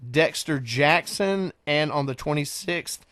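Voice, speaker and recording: A man hosting a casual show, an animated storyteller who rambles. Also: fairly high pitch, slow pace, no echo. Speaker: podcast host. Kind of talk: casual chat.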